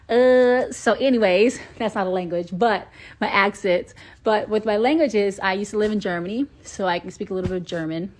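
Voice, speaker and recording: A woman from Atlanta, Georgia, with a medium-pitched voice talks a little fast as she chats casually on a phone livestream. She fields fans' questions with plenty of ums, staying chatty and playfully switching accents.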